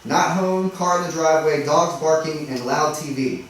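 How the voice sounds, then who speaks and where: A man's voice: on the high side, normal speed, a bit bright. Chatty man at a workshop, echoey room. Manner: chatty and self-deprecating, acts out doorstep dialogues, often asks "right?". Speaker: realtor sharing tips at a workshop. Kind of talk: casual workshop talk to a small group. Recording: echoey room, speaker far from the mic, faint noise.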